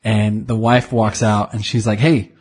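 A man's voice: on the low side, little pitch movement, moderate pace, a little mellow, breathy edge. A man in his thirties co-hosting a casual podcast, rambling through anecdotes and chuckling often. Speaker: podcast co-host. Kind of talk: casual chat.

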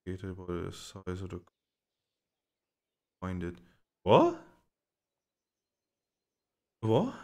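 A man's voice: low-pitched, fairly even intonation, slow, pauses often, dark tone. A man giving let's-play reaction commentary, incredulous and exasperated, swearing and bursting into laughter at the game. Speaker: gaming YouTuber.

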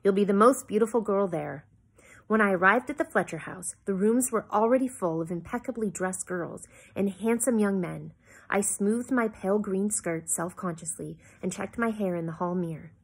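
Reading a novel aloud at home, a woman with a husky, medium-pitched voice stops occasionally to explain the story to her listeners. She also corrects her slips as she goes.

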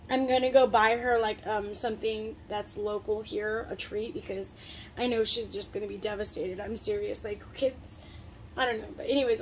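Young female vlogger, higher voice, casual rambling chat to camera, slight background noise. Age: 20s. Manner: rambling, chatty, with frequent fillers and laughs.

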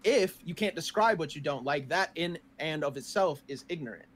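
A man's voice: on the high side, lively intonation, normal speed, slight background noise. A man in casual chat, arguing his opinions on music and laughing often.

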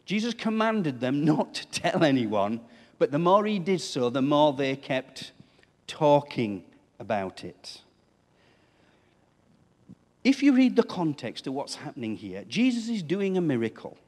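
A male pastor gives a conversational sermon, fairly high-pitched for a man and swinging widely in tone. His voice carries a long reverb from the church hall around him. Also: very animated, a little slow, a little mellow. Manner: conversational, asks the congregation questions.

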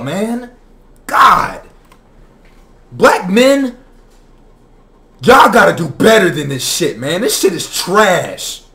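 Young guy ranting and cursing, kinda high voice, yells sometimes, exasperated reaction vlog. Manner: profane, exasperated ranting with shouted outbursts. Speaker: commentary vlogger.

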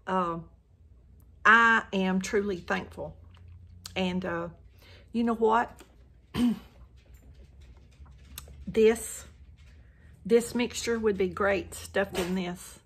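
A woman's voice: mid-range voice, fairly even intonation, very slow, long pauses, a bit bright, breathy edge. An older woman with a Southern country accent, chatting casually in her home kitchen as she cooks, often saying "y'all". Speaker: cooking vlogger. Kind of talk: casual cooking chat to camera.

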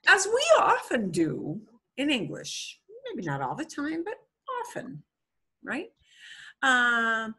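Middle-aged woman teacher, bright husky voice, chatty explainer for an online class. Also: a little high. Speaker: Spanish teacher.

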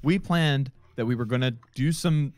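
A man's voice: mid-range voice, normal speed, no room sound. A man in comedic in-character game role-play, teasing and mock-serious with a dramatic manner. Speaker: game streamer.

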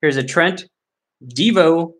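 A man's voice: fairly high pitch, slow pace. A man hosting a card break, chatting casually and joking at himself with lots of fillers as he opens packs. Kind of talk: casual live commentary while opening card packs.

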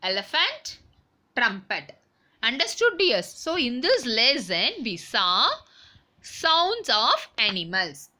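A woman teaching a school lesson, speaking slowly and spelling each word out letter by letter, calling her students dears. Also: on the high side, wildly swooping pitch, pushed and bright. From India. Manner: slow and sing-song, spells words letter by letter, calls students dears. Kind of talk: recorded class lesson.

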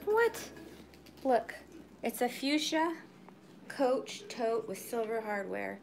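A middle-aged woman chatting excitedly and frankly on a live phone stream from her home shed. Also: on the high side, slow pace, gravelly, pauses often, a little hiss or hum. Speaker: purse vlogger. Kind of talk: casual live-stream chat. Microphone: phone camera.

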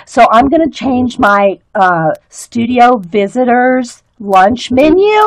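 In a home craft studio, a woman hosts a casual art and craft livestream, chatting with viewers and reading their comments. Her fairly high voice has lively intonation, and she speaks slowly with hardly any pauses, giggling and full of fillers and restarts. The recording is rough but has no echo.

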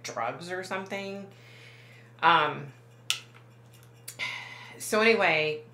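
Woman, low bright voice, psychic medium, rambling casual talk, roomy echo. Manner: rambling, self-correcting, many fillers. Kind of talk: casual monologue to camera.

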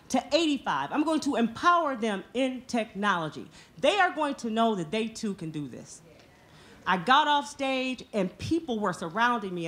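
A woman's voice: medium pitch, fairly bright tone. A woman in her forties telling a personal story on stage at a live storytelling event, earnest and emotional. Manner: earnest, emotional, speaks from the heart.

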